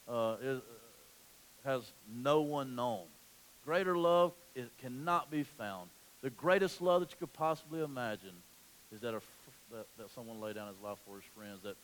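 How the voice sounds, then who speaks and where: A man preaching a sermon in a church. He swings from quiet, low stretches to loud, emphatic passages and often restarts his phrases. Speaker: pastor.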